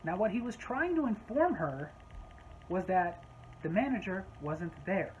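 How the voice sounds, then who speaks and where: A woman's voice: medium pitch, very animated, a little slow, darkish tone, dull audio, slight background noise. Wry woman telling a work story. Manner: wry, exasperated retelling. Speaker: storyteller, former gas station clerk. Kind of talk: casual storytelling vlog.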